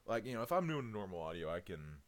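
A man's voice: sits low, very animated, fast talker. A man doing a casual audio reading challenge, rambling and chuckling between words. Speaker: audio content creator.

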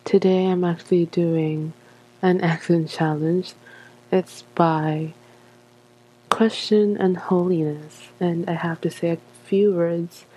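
A woman with an accent, slowly reading a word list for an accent challenge, dropping some words to a whisper. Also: lowish voice, dark tone, husky, poor audio. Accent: non-standard English accent. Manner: slow and deliberate, some words breathed in a whisper. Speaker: audio content creator.

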